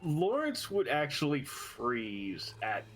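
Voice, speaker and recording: Slow-talking male tabletop player. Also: fairly high pitch, wildly swooping pitch, soft background music, low-quality recording. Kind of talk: playing a tabletop game.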